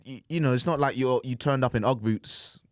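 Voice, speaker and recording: A man co-hosting a podcast, rambling and swearing casually in relaxed chat. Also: medium pitch, fairly quick, no echo, studio quality. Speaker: podcast co-host.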